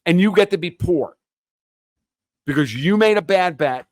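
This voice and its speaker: A man's voice: high voice, expressive, unhurried, no room sound. Ranting, profane man. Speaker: podcast guest. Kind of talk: heated opinionated interview talk.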